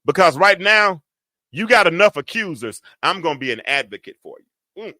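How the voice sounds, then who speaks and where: A man's voice: high voice, expressive, a little fast, bright, forceful tone, no echo, clean studio sound. A man hosting a show, teaching from the Bible in a preaching style, colloquial and building into emphatic, repeated lines. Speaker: host.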